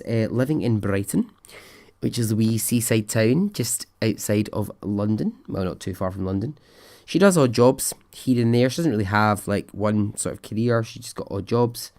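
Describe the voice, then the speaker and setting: A man's voice: on the low side, darkish tone. Chatty, swearing male podcast host. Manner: chatty, rambling, swears freely. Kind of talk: casual podcast storytelling.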